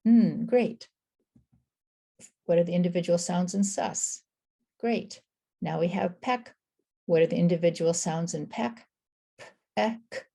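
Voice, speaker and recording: A woman teaching early reading, encouraging, slowly sounding out words sound by sound. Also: lowish voice, gravelly, warm tone, husky. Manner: encouraging, affirms with "I agree" and "excellent". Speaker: reading tutor. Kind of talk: instructional explanation.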